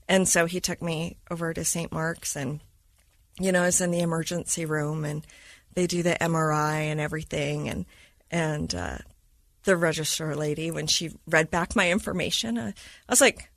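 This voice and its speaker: A woman who is a mother of school-age kids, a podcast guest telling a personal story in a lively way and acting out what people said. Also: sits low, normal speed, creaky, no echo. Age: adult mother of school-age kids. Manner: lively retelling that acts out quoted dialogue.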